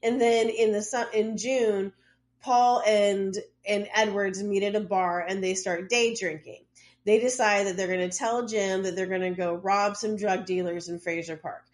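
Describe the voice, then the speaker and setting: A woman podcast co-host telling a story in a relaxed, chatty way. She keeps her pitch in a middle range, drifts into wry asides and fills her sentences with "like" as she goes. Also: a little slow. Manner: chatty, loose retelling with lots of "like" and wry asides. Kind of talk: casual true-crime storytelling.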